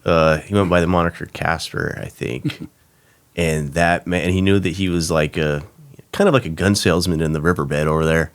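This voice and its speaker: Middle-aged ex-deputy guest, very deep voice, halting, full of fillers. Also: male voice, clear, resonant tone. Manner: halting, many fillers and restarts, speeds up when excited. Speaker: retired sheriff's deputy, guest. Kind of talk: casual interview chat.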